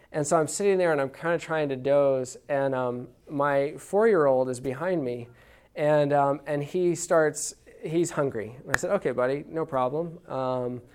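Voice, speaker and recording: A man in his thirties giving a talk on parenting, telling a story about his own child and acting out what he said with small laughs. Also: a little high. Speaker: speaker on parenting. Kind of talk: anecdotal teaching talk.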